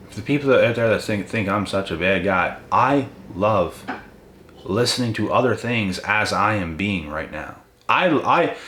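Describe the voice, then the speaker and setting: A man hosting a motivational channel confronts his viewers with a blunt, profane rant. His voice is lowish and a bit bright. The ranting monologue is recorded in an echoey room with faint noise.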